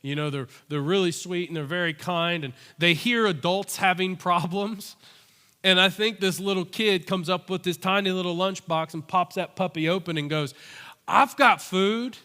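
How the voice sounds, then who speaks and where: A male pastor delivering a sermon as animated storytelling, acting out the characters' voices. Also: high voice, moderate pace, clear, resonant tone. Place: church. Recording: long church-hall reverb.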